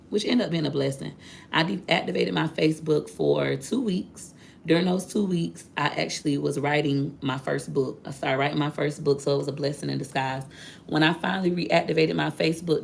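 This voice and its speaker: Low, gravelly woman telling a story. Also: slight background noise. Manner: candid, chatty, addresses viewers directly. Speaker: vlogger. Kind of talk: casual storytelling to viewers.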